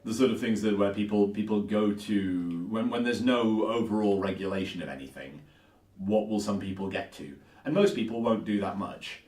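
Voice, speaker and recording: Agreeable low-voiced young man, echoey room. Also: normal speed, a little mellow. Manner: agreeable, thinks aloud with frequent "yeah" and restarts. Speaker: podcast co-host and tabletop player. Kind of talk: casual podcast chat. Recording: echoey room, far from the mic.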